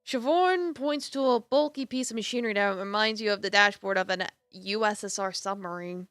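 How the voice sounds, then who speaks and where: A woman's voice: fairly high pitch, fairly bright tone, clear, resonant tone, no room sound. Playful woman streamer reading a game. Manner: playful, self-mocking, laughs at her own voices. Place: home streaming setup.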